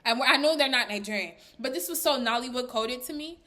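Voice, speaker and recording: Bright, high-voiced chatty woman recapping. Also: fairly quick, hardly any pauses, soft background music. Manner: chatty and animated, full of filler words; laughs while talking. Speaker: recap vlogger. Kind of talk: casual reality TV recap commentary.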